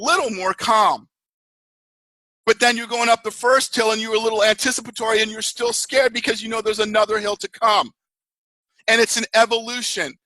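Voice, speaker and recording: A man delivers a motivational talk as a network marketing mentor, in an animated, storytelling way. His voice sits high and sounds bright and forceful. The recording is dry and close. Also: dry recording, poor audio. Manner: animated storytelling, acts out screaming riders.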